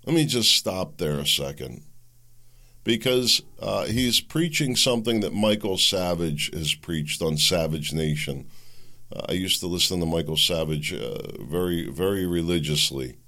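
A man's voice: low-pitched, lively intonation, unhurried, sharp tone. A man hosting a political commentary podcast, talking casually and sarcastically, mocking the voices of his opponents. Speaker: podcast host.

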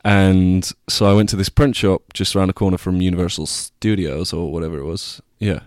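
A man's voice: low-pitched, steady tone, brisk, a little mellow, no echo, studio quality. A young man vlogging, telling a rambling, self-deprecating story with casual swearing.

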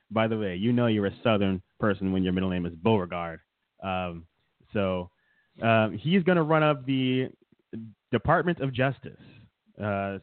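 A fairly low-pitched male voice belongs to a podcast co-host on a laid-back comedy chat show. He wanders through his talk, needling his co-host and laughing frequently. The sound is dry and thin, like a phone line.

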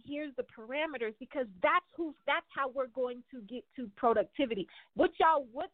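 A middle-aged woman hosting a show, talking casually to viewers in an animated, conversational way with slang and quick restarts. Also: sits high, no room sound. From United States. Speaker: host. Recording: phone-like line, dry.

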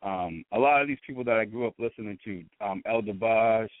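Man, boston accent, low voice, dry tinny phone-like sound, relaxed rambling talk. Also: brisk, no room sound. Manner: relaxed, rambling, frequent restarts. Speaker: guest, radio show host. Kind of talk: casual interview chat.

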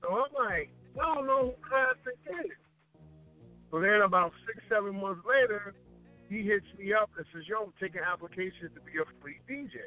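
Animated high-voiced man on a phone line. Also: normal speed. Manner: animated, acts out quoted lines. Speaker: guest DJ. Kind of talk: casual storytelling chat. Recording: tinny phone-line sound with faint music.

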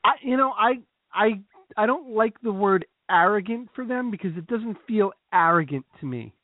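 A man co-hosting a casual sports podcast, talking his opinions through in a measured way with frequent restarts. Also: high voice, expressive, no echo. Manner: measured, reasoning, repeats starts. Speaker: podcast co-host. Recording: dry tinny phone-like sound.

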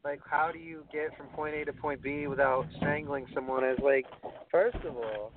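A man's voice: fairly high pitch, moderate pace. A man with a New York accent hosts a casual chat, telling blunt, profane stories in a slightly raised voice. His voice comes through a tinny, phone-like line with a faint hiss behind it. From Brooklyn, New York. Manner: blunt, swearing, animated storytelling. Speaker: podcast host.

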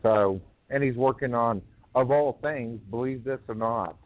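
A man hosting a poetry call-in radio show, rambling and halting with many fillers. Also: medium pitch, dry recording. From North Carolina. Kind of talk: casual call-in chat. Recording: tinny phone line.

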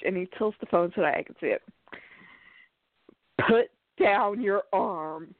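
A woman host tells a funny story in a relaxed, chatty way and keeps breaking into laughter. Her voice sits at an ordinary pitch and comes through a thin, phone-like line. The sound is dry, with no room echo. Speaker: podcast host. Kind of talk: casual storytelling.

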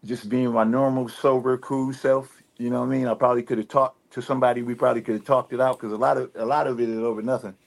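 Relaxed man with a Detroit accent. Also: mid-range voice, quick pace, creaky, hardly any pauses. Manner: relaxed, rambling with many fillers and restarts. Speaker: rapper guest. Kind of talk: casual interview talk.

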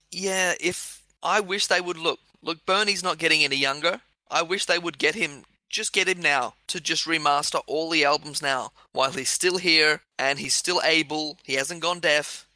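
A man hosting a podcast in casual chat, opinionated and quick to laugh. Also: fairly high pitch, pushed and bright, no room sound. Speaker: podcast host.

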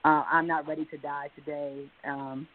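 A woman's voice: deep voice, level tone, normal speed. Woman, poet, spoken-word reading and casual interview, rhythmic insistent delivery, chatty with fillers, tinny phone-quality line.

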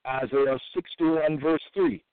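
A man preaching a sermon, reading out Bible verses slowly with short repeated asides between them. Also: on the high side, clear, resonant tone, no echo. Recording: tinny, phone-like dry audio.

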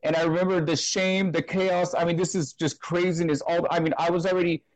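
A man with a fairly high voice shares an emotional personal testimony in an interview. He talks earnestly, stumbling, repeating words and restarting his sentences. The sound is close and dry with no room echo. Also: little pitch movement, fairly quick. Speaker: interview guest sharing testimony.

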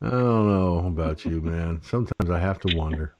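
A man's voice: deep voice, normal speed, a little mellow, lo-fi sound. An older man hosting an online talk radio show, joking and rambling crudely about everyday troubles. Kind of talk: casual call-in chat.

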